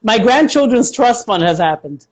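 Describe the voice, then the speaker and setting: A woman's voice: fairly high pitch, animated, moderate pace. A woman guest, an accountant, explaining money matters in a chatty way with examples and frequent fillers. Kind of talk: casual interview chat.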